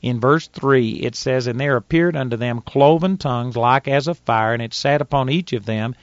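Speaking at normal speed and medium pitch, a preacher with a Texas accent gives a plainspoken, folksy Bible teaching and reads passages of scripture aloud. The audio is dry and dull.

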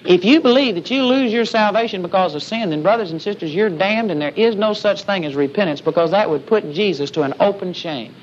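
A man's voice: high voice, brisk, few pauses. Man, preacher, sermon, emphatic, call-and-response amens, muffled lo-fi sound. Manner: emphatic, calls out "amen?" to the congregation. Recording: dull lo-fi sermon recording with faint hiss.

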